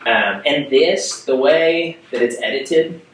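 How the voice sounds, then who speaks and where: A man's voice: medium pitch, takes it slowly, recorded from a distance, slight background noise. A young man leading a preteen worship lesson, explaining scripture in a chatty way with lots of rhetorical questions. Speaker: youth worship leader. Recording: echoey room, off mic.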